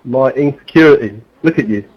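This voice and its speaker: A man's voice: medium pitch, brisk, lo-fi sound. A man racing online, mocking and insulting another driver in a heated voice chat. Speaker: rival sim racer. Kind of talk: heated in-game voice chat argument.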